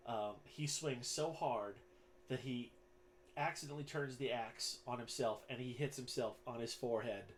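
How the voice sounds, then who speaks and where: A man runs a tabletop game as game master and narrates at a mid pitch. He talks casually, with fillers and the odd swear word. A faint hum sits in the background.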